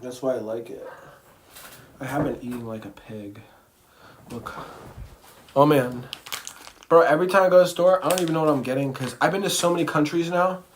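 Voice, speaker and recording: A man's voice: fairly high pitch, a little fast, long pauses, a little hiss or hum. A man livestreaming from his bedroom in a casual, rambling monologue, swearing freely, using slang and making little zooming sound effects. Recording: roomy echo.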